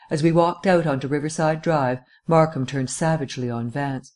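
A man narrating an audiobook of a mystery novel in a measured, even way. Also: a little high.

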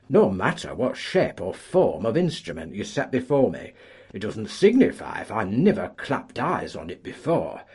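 A breathy-voiced man voicing a proud, boastful collier who brags about his music. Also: deep voice, darkish tone, full character voice. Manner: boastful, emphatic.

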